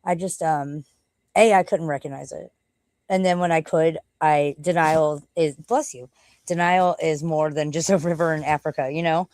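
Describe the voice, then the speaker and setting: A woman's voice: sits low, steady tone, normal speed, a little mellow, no room sound. A middle-aged woman chatting casually on a livestream at home, rambling and swearing offhandedly. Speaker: livestream host. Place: at home, walking out to the backyard.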